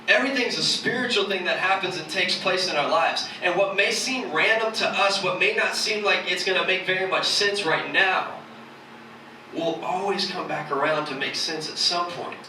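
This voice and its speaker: A man's voice: on the high side, bright, forceful tone, slight background noise. A man, giving a casual, joking sermon in a church. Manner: joking, conversational, self-mocking. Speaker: church speaker. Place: church hall. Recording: echoey hall from far off.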